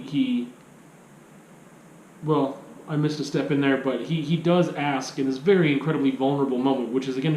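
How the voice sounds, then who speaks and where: A man's voice: on the high side, a little mellow, echoey room, a little hiss or hum, rough recording. A man giving a casual film review, rambling, with many restarts and rhetorical questions.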